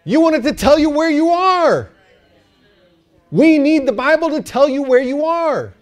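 A man preaching a sermon to his church, animated and joking, often asking the crowd for an amen. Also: extremely high pitch, unhurried, faint music behind. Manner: animated, joking, calls for amens. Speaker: pastor.

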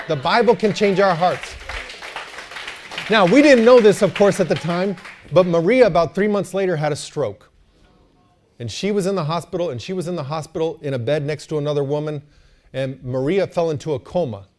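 Lively male pastor, higher voice, joking preaching style. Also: normal speed. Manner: animated, joking, calls for amens. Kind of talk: sermon.

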